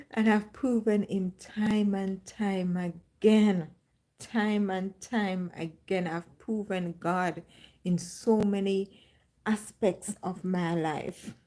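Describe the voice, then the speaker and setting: A woman sharing a faith testimony on a livestream at a slow, unhurried pace. She tells it as a story and acts out moments, with her voice sitting at a mid pitch. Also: a little mellow. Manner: slow storytelling, dramatic re-enactments. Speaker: livestream host.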